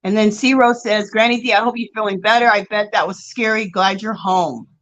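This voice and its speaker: A woman's voice: mid-range voice, brisk, muffled recording. Chatty woman greeting her livestream viewers. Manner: reads viewer comments aloud and greets them warmly by name; chatty, animated, with gushing exclamations. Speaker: livestream host. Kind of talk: casual livestream chat.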